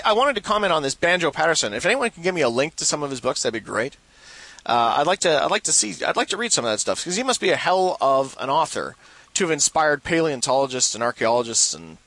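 Bright, animated sarcastic male host. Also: mid-range voice, dry recording. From Canada. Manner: rambling, sarcastic, swears often, repeats words. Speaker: show host. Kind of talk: casual solo commentary, reading listener mail.

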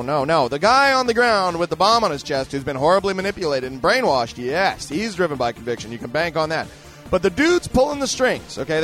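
A man's voice: high voice, fairly bright tone. A man hosting a show and answering listener letters in a rambling, emphatic monologue full of fillers and restarts. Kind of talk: casual ranting monologue.

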